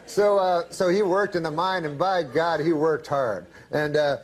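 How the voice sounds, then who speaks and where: A man telling a meandering, deadpan anecdote as a comedian guest on a talk show, full of fillers. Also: on the high side, measured pace, crowd noise.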